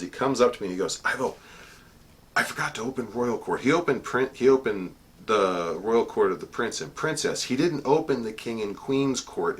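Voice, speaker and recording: A middle-aged man, a court herald, chatting casually about an event, with fillers and restarts. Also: fairly bright tone. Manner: booming formal proclamation when quoting court cries. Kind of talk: casual storytelling monologue.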